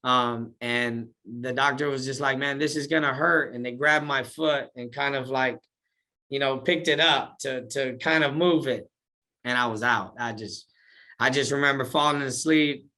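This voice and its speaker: In a relaxed interview, a man with a medium-pitched voice tells his life story at a normal speed. He's animated and full of slang, acting out the things he used to say back then.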